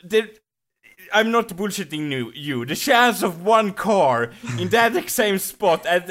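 A man from Sweden, a non-native English speaker, chatting casually and telling animated stories with hesitant restarts. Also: sits high, slow. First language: Swedish. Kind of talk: casual chat.

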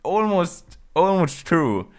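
Slow, laughing man chatting on a podcast. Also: high-pitched, sing-song. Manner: laughs a lot, agreeable, hesitant. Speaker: podcast co-host. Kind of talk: casual podcast chat.

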